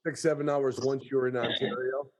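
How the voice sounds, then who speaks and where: A man hosting a hunting podcast over a video call, chatting casually at a middle pitch. He tells stories in a rambling, folksy way, stopping and restarting as he goes. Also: flat delivery, moderate pace, a loud crowd. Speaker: podcast host. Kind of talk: casual storytelling chat.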